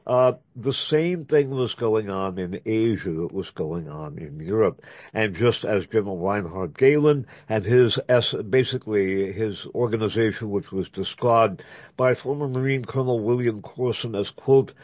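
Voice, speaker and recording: This man has a lowish, somewhat dark voice, recorded with no echo. He hosts a radio talk show in a conversational interview style, rambling off on tangents and spelling names out letter by letter.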